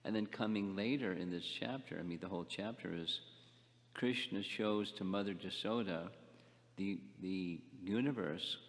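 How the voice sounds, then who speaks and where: Deep-voiced older man teaching a scripture class. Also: in a large hall. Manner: halting, repeats words, asks the class questions. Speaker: spiritual teacher.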